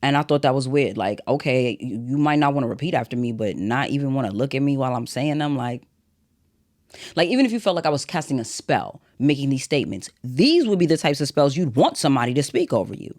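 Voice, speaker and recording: A man's voice: medium pitch, lively intonation, fast. A man hosting a solo podcast, talking bluntly and directly in a motivational, sermon-like way. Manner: blunt, direct, self-described as not a soft speaker. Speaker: podcast host.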